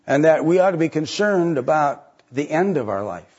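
Husky-voiced preacher man, conversational sermon. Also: sing-song, moderate pace, a little mellow, muffled recording. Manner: conversational preaching with rhetorical questions, pitch rising sharply for emphasis. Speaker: pastor.

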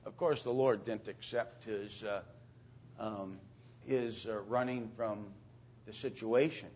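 A man teaching an informal Bible lesson to a class, speaking haltingly with many fillers, restarts and throat-clearing, and often asking the class questions. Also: fairly low pitch, steady tone, a little hiss or hum. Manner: asks the class questions and calls on students. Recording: dull lo-fi recording.

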